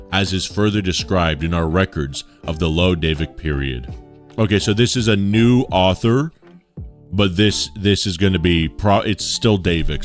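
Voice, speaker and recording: A man reading articles aloud on a livestream, chatty, with asides to his chat. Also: low voice.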